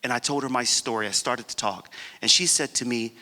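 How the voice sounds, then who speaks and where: A man in his forties gives a keynote, telling his personal story with emphasis. His voice is strikingly bright and tense. Long reverb from a large conference hall trails behind every phrase. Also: mid-range voice, a little fast. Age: 40s. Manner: earnest, emphatic storytelling that acts out dialogue. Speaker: keynote speaker.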